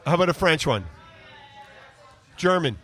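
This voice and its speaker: A man's voice: a little high, animated, measured pace, pushed and bright. A man with an American accent hosting a podcast in loose, rambling casual chat, swearing and laughing often. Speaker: podcast host.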